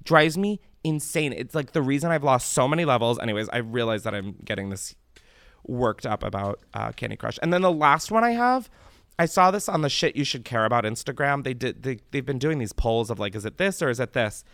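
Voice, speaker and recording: A young man hosting a podcast, chatting casually and ranting with animated, profane exasperation. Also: medium pitch, brisk, no room sound, clean studio sound. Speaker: podcast host.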